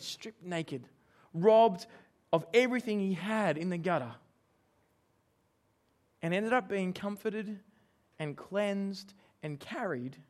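A man preaching a sermon, emphatic and asking his listeners questions. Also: sits high. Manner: emphatic, asks the congregation questions.

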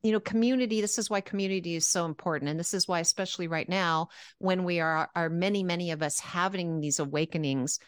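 A woman's voice: fairly low pitch, fast talker, hardly any pauses, clean tone, no room sound. A woman co-hosting a spiritual podcast, telling personal meditation stories in an earnest, chatty way and acting out her own reactions. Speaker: podcast co-host. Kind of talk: casual spiritual podcast chat.

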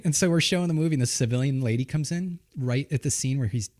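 A man's voice: mid-range voice, fast. A man hosting a podcast in casual chat, telling stories with lots of laughter. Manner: animated storyteller, laughs often, does voices. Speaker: podcast host.

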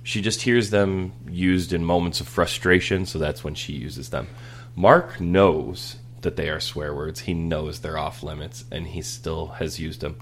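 A man's voice: deep voice, fairly even intonation, measured pace, a little hiss or hum. A man in his thirties chatting casually on a podcast, rambling and laughing through family stories. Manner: rambling, laughing, with many restarts. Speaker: podcast host. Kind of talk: casual storytelling chat.

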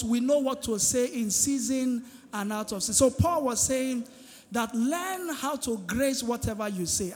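High-voiced pastor preaching in a reverberant church hall. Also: male voice. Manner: emphatic preaching with call-and-response. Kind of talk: sermon. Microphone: handheld microphone. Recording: long hall reverb, faint music.

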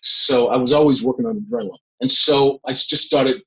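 A middle-aged man, a guest actor, telling a long behind-the-scenes story in a lively way, often breaking into laughs. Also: mid-range voice, fairly quick, rough recording. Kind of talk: anecdotal storytelling.

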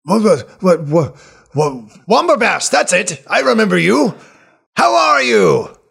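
Gushing male healer, high and loud , put on by a gravelly-voiced man. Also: sing-song, a little slow, heavily acted. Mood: effusive. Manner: gushing, exclaiming, repeats words. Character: fussy jovial male healer, effusive and pushy.

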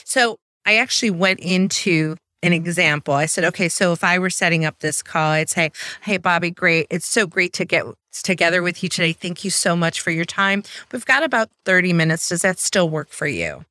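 A woman sales trainer in casual podcast chat, telling stories in an animated way and acting out quotes. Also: lowish voice, normal speed, hardly any pauses, no echo. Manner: animated storyteller, acts out quotes.

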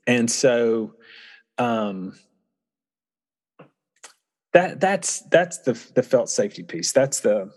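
A man's voice: medium pitch, very animated, slow pace, pauses often, a little mellow. A man speaking reflectively and earnestly in casual conversation, often restarting his sentences as he tells a personal story. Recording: long hall reverb.

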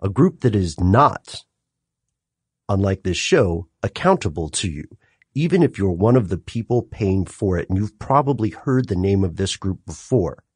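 A man co-hosting a podcast in casual chat, animated and quick to laugh. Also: sits low, husky, no echo, studio quality. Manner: animated, laughs often, lively emphasis. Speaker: podcast co-host.

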